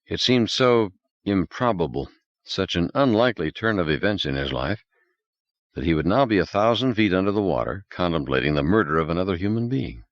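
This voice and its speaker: Deep-voiced male audiobook narrator. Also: lively intonation, no room sound. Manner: measured and dramatic. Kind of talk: scripted narration. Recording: dry, slightly dull audio.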